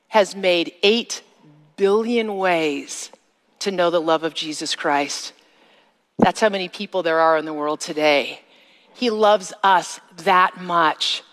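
A woman giving a sermon-style personal testimony, with slow, emphatic phrasing that rises to a high cry in the re-enacted moments. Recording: long reverb of a large hall.

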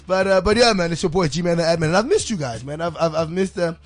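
A man hosting a podcast in a studio, talking in an energetic, slangy, rambling way. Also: fairly high pitch, fast. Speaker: podcast host. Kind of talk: casual podcast chat. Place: radio studio.

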